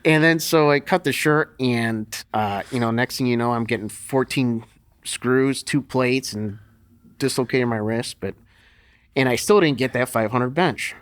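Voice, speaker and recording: A middle-aged man speaks at a measured pace in a mid-range voice. He's a podcast guest, laughing as he tells blunt, profane stories in a casual storytelling interview.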